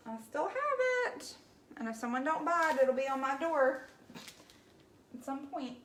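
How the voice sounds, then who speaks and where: A woman's voice: high-pitched, expressive, unhurried, a bit bright, slight background noise. Chatty Southern woman in an echoey room. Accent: Southern US, Alabama. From Alabama. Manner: chatty and folksy, answers viewer comments aloud. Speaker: craft livestream host. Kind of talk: casual livestream chat while painting.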